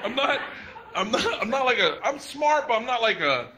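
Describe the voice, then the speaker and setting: A man's voice: very high-pitched, big pitch swings, moderate pace, sharp tone, rough recording. A man in his thirties doing a stand-up routine before a live audience, telling a profane story with laughing asides. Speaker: stand-up comedian.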